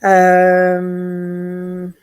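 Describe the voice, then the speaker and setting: A woman working as a spiritualist medium in an online service, speaking gently and affectionately, with many fillers and restarts. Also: fairly low pitch, monotone, drawn-out words, low-quality recording. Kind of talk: clairvoyant readings in an online service. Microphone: video call.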